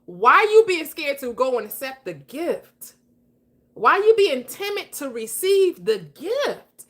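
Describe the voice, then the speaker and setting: Speaking in a high, slightly bright voice, a female livestream host delivers a relaxed pep talk at an unhurried pace. She's very animated, preachy and emphatic, and laughs often.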